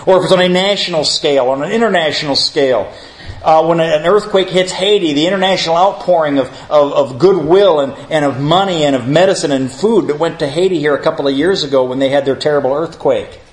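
Guy with a fairly high voice teaching a bible class, earnest, keeps saying friends. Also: a little fast. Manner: earnest, addresses listeners as friends. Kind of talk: theology class lecture with opening prayer.

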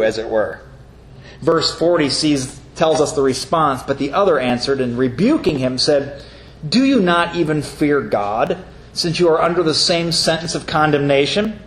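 A man preaching a sermon as pastor, earnest, reading scripture aloud and explaining it. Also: a little high. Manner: earnest, reads scripture aloud with brief mocking voices. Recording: echoey room with faint ambience.

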